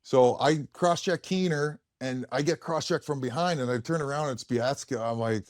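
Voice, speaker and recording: A man's voice: mid-range voice, normal speed, no room sound. Dry-sounding man telling stories with laughs. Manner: laughs often, loose and rambling with many restarts. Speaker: guest, former pro hockey player. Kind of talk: casual storytelling chat.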